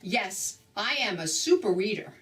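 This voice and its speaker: A woman voicing an eager little male monster child in a storybook, with a high squeaky excited voice. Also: a little slow, far from the mic. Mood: proud.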